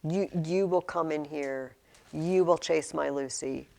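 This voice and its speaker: A woman's voice: low-pitched, a little slow, creaky, dark tone, pitched below the performer's own voice. A woman voicing a stern, fiercely loyal older female servant, threatening anyone who comes near her charge. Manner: threatening, protective.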